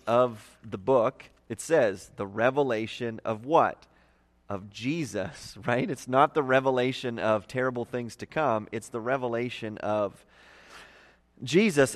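A man teaching a livestreamed Bible study as pastor, in a casual, conversational way with lots of fillers. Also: mid-range voice. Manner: casual and conversational, many fillers, animated emphasis. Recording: long echoey reverb.

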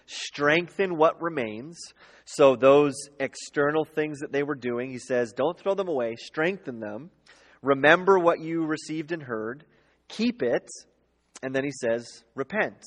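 A man teaching a sermon in a conversational way, often adding "um" and "right?" as he goes. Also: medium pitch. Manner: conversational, frequent "um" and "right?" tags. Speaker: pastor. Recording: long hall reverb.

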